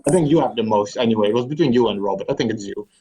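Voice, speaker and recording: A man's voice: on the low side, very fast, warm tone, breathy edge. A man on a gaming podcast, chatting casually, joking and swearing. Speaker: podcast panelist. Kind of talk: casual chat.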